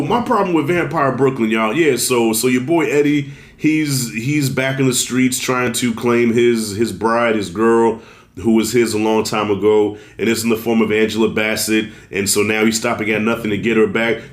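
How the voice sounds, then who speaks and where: A male movie reviewer gives a casual spoken film review in a relaxed, chatty, loose way, swearing and calling viewers y'all. He has a medium pitch, a roomy echo, and seems a bit under the weather, fighting a cold and clearing his throat.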